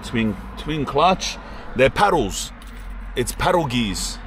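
A man's voice: mid-range voice, very animated, takes it slowly, a little hiss or hum. A young man, chatting casually and slangily as a vlogger at an outdoor car yard, thinking aloud as he goes. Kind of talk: casual vlog chat.

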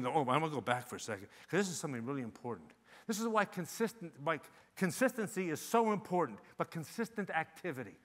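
Older male sales trainer, bright, high voice, animated joking storyteller at a conference. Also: long reverb tail. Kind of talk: live conference presentation. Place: conference venue.

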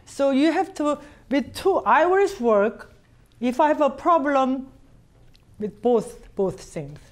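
High-voiced woman teaching cello. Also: expressive. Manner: sings phrases on syllables to demonstrate; direct, halting non-native phrasing. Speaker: cello master class teacher. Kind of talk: coaching a student in a master class.

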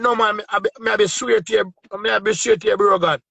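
Jamaican man, excitable caller, high and raspy, keeps cutting in. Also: fast talker, no echo. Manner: excited, insistent, repeats himself. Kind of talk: casual livestream banter.

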